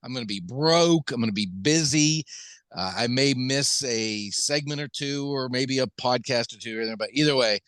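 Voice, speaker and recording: A man's voice: medium pitch, moderate pace, fairly bright tone, no room sound. A fifty-year-old man from Pennsylvania co-hosting a sports podcast, self-deprecating and jokey. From Washington, Pennsylvania. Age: 50s. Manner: self-deprecating, jokey, sings snatches of songs. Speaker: podcast co-host. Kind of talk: casual sports podcast chat.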